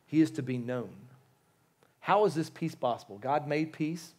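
Man, pastor, sermon, fairly high pitch, conversational, stammering restarts, pleading, joking asides. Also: normal speed, darkish tone. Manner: casual slang, joking asides.

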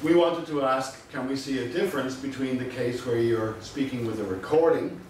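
A man's voice: medium pitch, darkish tone. Man lecturing in a very echoey room. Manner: measured and explanatory, stressing key points. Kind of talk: university lecture. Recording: very echoey room from a distant mic with faint noise.

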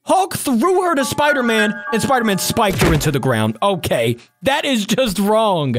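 A gaming reaction host who exclaims excitedly at the action on screen. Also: medium pitch, moderate pace, hardly any pauses, soft background music. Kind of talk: reaction video commentary.

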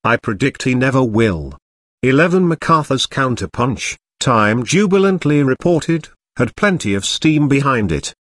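A man reading a history audiobook aloud in a measured, even narration. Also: medium pitch, dry recording, clean studio sound.

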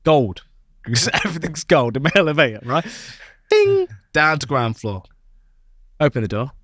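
Animated young man telling a tall tale. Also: normal speed, dry recording, clean studio sound. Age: young adult. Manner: playful storytelling, lively swings in pitch. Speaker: podcast co-host. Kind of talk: comic casual chat.

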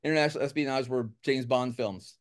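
A man's voice: mid-range voice, fairly even intonation, fairly quick. A man from the United States, a musician guest, chatting casually in an interview with a rambling, joking, self-deprecating manner.

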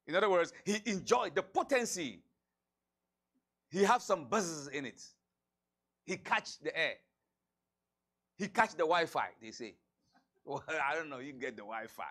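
Imam preaching, high and lively voice, rhetorical and repetitive. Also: male voice, moderate pace, long pauses. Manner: animated, rhetorical questions and repetition. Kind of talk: sermon.

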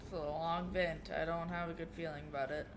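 Woman streamer, casual chatty playthrough commentary, low-ish pitch, noisy background. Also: brisk. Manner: chatty, excitable, reacts aloud. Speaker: gaming streamer.

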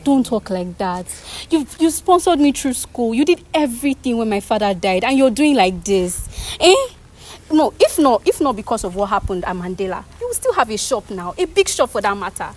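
A woman's voice: mid-range voice, big pitch swings, fairly quick, slight background noise, poor audio. Emotional pleading young woman. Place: outdoors at a block-making yard.

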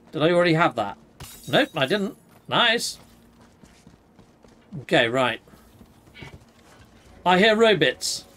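Excitable British man narrating his gameplay. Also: a little high. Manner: excitable, exclaims and yelps during fights. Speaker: gaming channel host. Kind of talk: casual let's-play commentary.

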